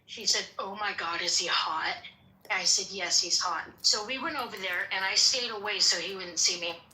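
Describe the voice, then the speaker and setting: Woman chatting and telling stories, voice's real bright, kinda echoey, bit of hiss. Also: mid-range voice, moderate pace. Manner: animated storyteller, acts out quotes. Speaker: participant in a social audio chat room. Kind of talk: casual storytelling chat. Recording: echoey room with faint noise.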